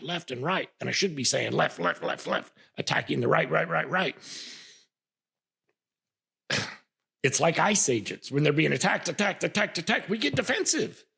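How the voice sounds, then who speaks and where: A man with a husky, gravelly voice talks through a political commentary monologue as a podcast host. He is passionate and repetitive, often stalling and restarting his sentences. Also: fairly high pitch, fairly bright tone.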